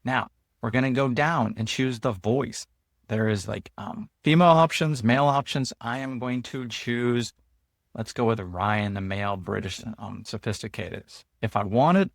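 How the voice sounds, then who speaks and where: A man hosting his own channel, walking viewers through an app in a relaxed, chatty way, loose with fillers and restarts. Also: mid-range voice, measured pace, gravelly, dry recording, clean studio sound. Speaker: host and app founder. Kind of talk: casual screen-share walkthrough.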